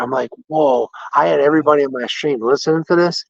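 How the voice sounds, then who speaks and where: A man casually telling an animated, indignant story about a care-facility visit, quoting the people involved. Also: medium pitch, brisk, creaky, hardly any pauses, no echo. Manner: animated, indignant retelling with quoted dialogue. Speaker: podcast host. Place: patient room in a care facility. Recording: dull, dry lo-fi audio.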